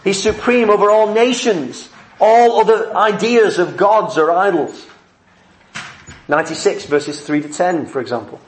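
A man's voice: high voice, measured pace, echoey room. A man preaching a heartfelt, earnest sermon.

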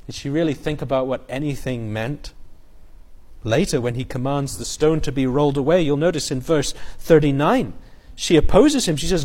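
A man preaching an expository sermon, earnest, building emphasis and quoting scripture in a softer voice. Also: on the high side, moderate pace.

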